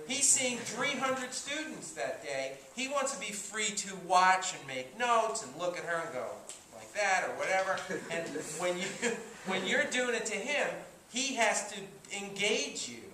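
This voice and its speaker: A high, bright-voiced man teaches acting in a classroom, animated and quick to act out examples. He is heard from a far camera in an echoey room, with faint noise behind him. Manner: animated, acts out lines as examples.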